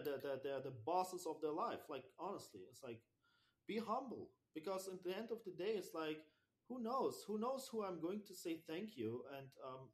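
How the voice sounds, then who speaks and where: A man with a German accent, a podcast guest talking about his dog training, speaking in animated, halting non-native English with frequent restarts and swearing. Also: on the high side. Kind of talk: casual interview chat.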